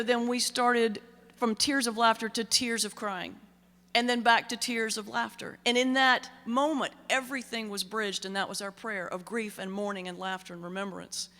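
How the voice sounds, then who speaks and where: A woman's voice: fairly high pitch, pushed and bright. A middle-aged woman minister giving a keynote speech, telling stories conversationally with comic timing. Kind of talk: humorous keynote storytelling. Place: large banquet hall. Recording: reverberant hall sound.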